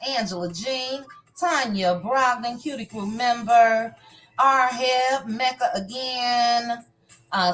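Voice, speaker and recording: Female livestream host, unhurried and chatty, faint music in the background. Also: fairly high pitch, a bit bright. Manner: greets viewers by name, chatty and upbeat. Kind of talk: casual live chat.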